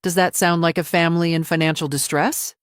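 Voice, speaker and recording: A woman voicing a female attorney cross-examining a witness, calm, precise and relentless. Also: on the low side, a little fast, smooth, no room sound, studio quality, lightly acted. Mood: cold.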